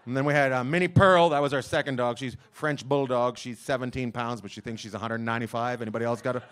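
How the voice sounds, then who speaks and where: A male stand-up comedian on stage before a live audience, telling a loud rambling story and acting out the voices of his wife and his dog. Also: mid-range voice, steady tone, quick pace, clean tone. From lives in Long Beach, California.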